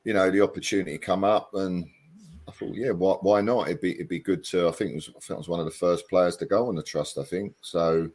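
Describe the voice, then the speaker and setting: A middle-aged man from England, a former footballer chatting in an interview, hesitant and self-deprecating with many pauses and ums. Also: low-pitched, steady tone, a little mellow, slightly rough. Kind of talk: casual interview chat.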